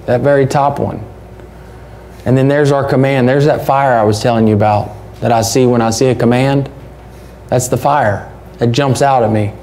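Male pastor, relaxed warm sermon delivery, faint noise in the church recording. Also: mid-range voice. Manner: conversational, folksy, rhetorical questions.

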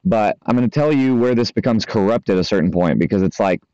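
Man, coach type, loose casual monologue, lowish voice, dry dull lo-fi sound. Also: lively intonation, fast, mellow, smooth, dry recording. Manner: loose and conversational, heavy fillers and swearing. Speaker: spiritual coach. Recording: dry, slightly dull lo-fi audio.

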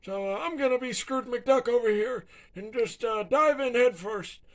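A man voicing a greedy, boastful dictator who bosses people around and bursts into shouting. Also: very high voice, normal speed. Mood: pompous. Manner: bossy, breaks into shouting tantrums.

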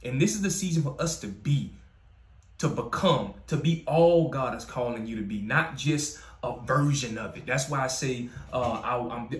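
A man's voice: medium pitch, normal speed. Emphatic preacherly man in an echoey room. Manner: preacherly, builds to emphatic repeated declarations. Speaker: podcast host. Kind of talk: motivational Christian podcast talk. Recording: roomy echo.

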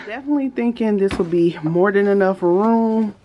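A young woman vlogging casually at home, chatting straight to her viewers in a relaxed way. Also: mid-range voice, moderate pace, few pauses, dull audio, slight background noise. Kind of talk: casual vlog chat. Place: home, indoors.

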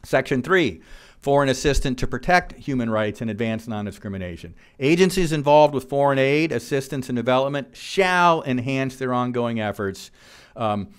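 A man speaks earnestly to a room full of listeners. His voice is smooth and resonant at an ordinary middle pitch. He reads quotes off his slides and often pauses on "uh" and "um" between points. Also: animated. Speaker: policy speaker. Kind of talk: presentation to a live audience. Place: room with an audience.

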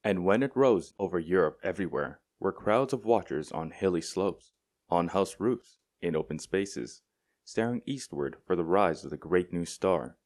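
Deep-voiced male audiobook narrator. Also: expressive, normal speed, darkish tone. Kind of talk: scripted narration.

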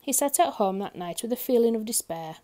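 A woman reading a children's picture book aloud, expressive and talking directly to young listeners. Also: on the high side, a little fast. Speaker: storyteller. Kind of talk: children's story read-aloud.

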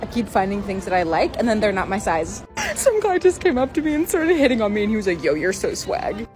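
A woman's voice: medium pitch, animated, quick pace, darkish tone, soft background music. A young woman creator talking casually to the camera in a chatty, wry, confiding way. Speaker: video creator. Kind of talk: casual vlog talk.

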